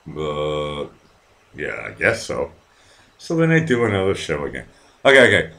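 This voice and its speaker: A man's voice: a bass voice, big pitch swings, moderate pace, gravelly, long pauses, fairly bright tone. Rambling, foul-mouthed man hosting a live stream. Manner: rambling, profane, talks to the chat. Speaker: host of a live online show. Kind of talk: casual live-stream chat.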